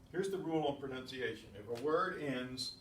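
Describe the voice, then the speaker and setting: A man teaching a beginners language class, patient and methodical, spelling out rules slowly. He sounds distant from the microphone in an echoey room, with faint ambient noise behind him. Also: mid-range voice, fairly bright tone. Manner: patient, explains slowly with repeated examples. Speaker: Spanish teacher. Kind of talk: classroom lesson.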